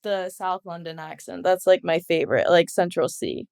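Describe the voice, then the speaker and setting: A young woman of twenty from Los Angeles sits as a podcast guest, her voice smooth and resonant. She giggles a lot and strings her thoughts together with plenty of "like", relaxed and chatty. The sound is close and dry. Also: fairly low pitch, normal speed, dry recording. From Los Angeles, USA. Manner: giggly, laughs often, heavy use of "like". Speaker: guest footballer. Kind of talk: casual podcast interview.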